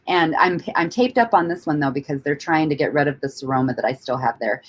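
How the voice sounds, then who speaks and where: Quick and breathy, her voice sits low as she hosts a relaxed livestream from home. She laughs a lot, curses freely, and rambles with restarts while greeting and replying to viewers.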